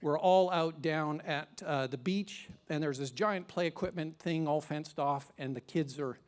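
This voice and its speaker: A man, preaching a sermon as pastor with animated, emphatic storytelling. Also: measured pace. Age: 50s. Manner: animated, emphatic storytelling with sudden rises in pitch and loudness.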